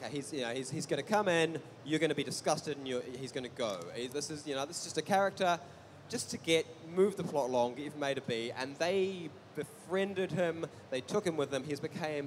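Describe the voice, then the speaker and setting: A man on a live panel, a podcast game master, telling a halting anecdote about a character he plays. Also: on the high side, a little hiss or hum. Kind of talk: casual panel chat.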